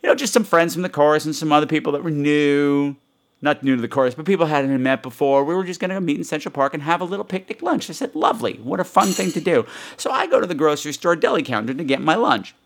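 A man's voice: on the high side, lively intonation, fast. A man hosting a podcast in a frenetic, rambling and self-mocking solo monologue. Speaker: podcast host.

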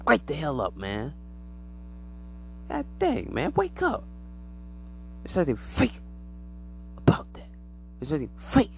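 A man giving a rambling, animated conspiracy monologue to the camera, acting out imagined voices as he goes. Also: a little high, takes it slowly, gravelly, pauses often, slight background noise.

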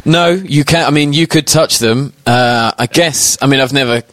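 A man's voice: mid-range voice, moderate pace, fairly bright tone, dry recording. A man from London with an accent close to Cockney, chatting as a podcast guest with dry, teasing humor. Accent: London, near Cockney. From London, England. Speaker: guest designer. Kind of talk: casual podcast chat.

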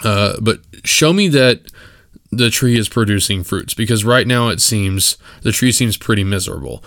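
Low-voiced man, blunt podcast talk. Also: moderate pace, fairly bright tone, no room sound. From West Texas. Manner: opinionated and emphatic, full of fillers and restarts. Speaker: podcast host. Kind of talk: casual solo podcast monologue.

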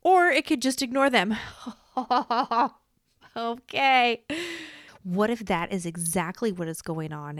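A woman's voice: mid-range voice, no echo, clean studio sound. A woman hosting a casual podcast, reading answers aloud and reacting with curses, laughs and mock alarm. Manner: bursts of quick talk. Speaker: podcast host.

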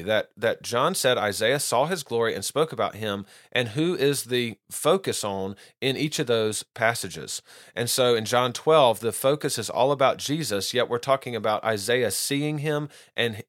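A man's voice: mid-range voice, fairly bright tone, dry recording, studio quality. A man giving unscripted Bible teaching, earnest and often restarting his phrases.

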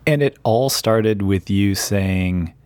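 Low-voiced reflective male co-host. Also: takes it slowly, a little mellow, dry recording, studio quality. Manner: reflective, encouraging. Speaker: podcast co-host. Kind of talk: casual chat.

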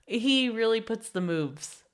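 A young adult woman co-hosting a book club podcast, chatting casually with relaxed, dry, brief replies. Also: fairly high pitch, takes it slowly. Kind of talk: casual chat.

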